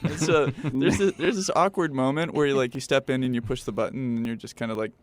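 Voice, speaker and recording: A man's voice: medium pitch, quick pace, no echo. A man who plays guitar in a band, joking dryly while being interviewed in a radio studio. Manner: dry, joking. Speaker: guitarist and backup singer. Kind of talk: casual interview chat.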